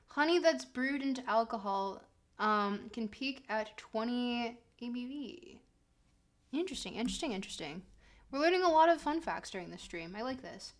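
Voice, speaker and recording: A woman streamer giving casual, joking commentary while playing, talking straight to her chat. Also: on the high side. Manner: chatty and joking, answers chat directly.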